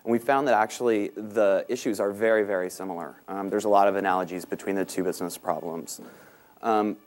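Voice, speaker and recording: Fast-talking man with Southern accent. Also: fairly low pitch, fairly even intonation. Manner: self-deprecating, quick, many ums. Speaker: panel speaker. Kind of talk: conference talk. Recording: talk recorded in a meeting room.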